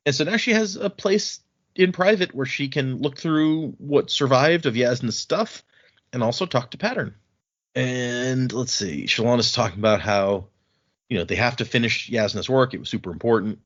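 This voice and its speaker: A man hosting a casual book podcast, recapping chapters and slipping into quick voices for the characters. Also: mid-range voice, animated, a bit bright. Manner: retells scenes with quick put-on voices for characters. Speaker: podcast host. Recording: dull lo-fi audio.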